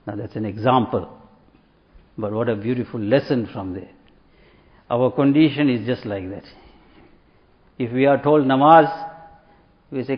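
A man's voice: mid-range voice, unhurried, long pauses. A man giving a sermon, telling a parable and acting out the voices of the people in it. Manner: storytelling, acts out quoted voices. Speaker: religious speaker. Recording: echoey hall, dull lo-fi sound.

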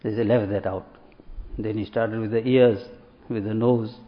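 A man's voice: fairly low pitch, fairly even intonation, normal speed. A man giving a sermon, telling a parable and acting out the voices of the people in it. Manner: storytelling, acts out quoted voices. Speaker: religious speaker. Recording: echoey hall, dull lo-fi sound.

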